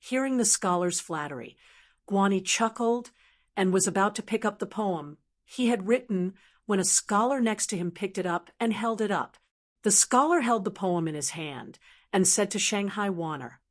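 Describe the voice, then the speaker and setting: Vrouw die rustig een luisterboek voorleest. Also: female voice, medium pitch, animated, normal speed. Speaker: audiobook narrator. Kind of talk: audiobook narration.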